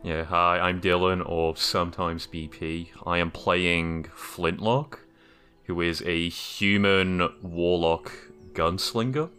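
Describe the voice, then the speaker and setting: Man, player, very deep voice, slow, bright tone, rambling. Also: steady tone, soft background music. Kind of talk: casual chat.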